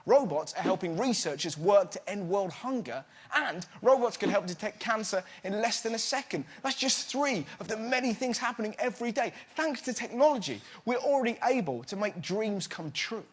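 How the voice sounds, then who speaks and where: A man's voice: high voice, animated, moderate pace, hardly any pauses, husky. A British man doing stand-up comedy as host, brash and mocking, before a live studio audience. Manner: brash, mocking, puts on silly voices. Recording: loud crowd and room noise.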